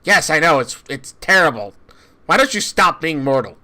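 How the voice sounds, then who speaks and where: A man's voice: fairly high pitch, animated, normal speed, sharp tone. A man voicing a small, cheeky, always-hungry male demon sidekick in a tabletop game. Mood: sulky. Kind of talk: tabletop role-play voice.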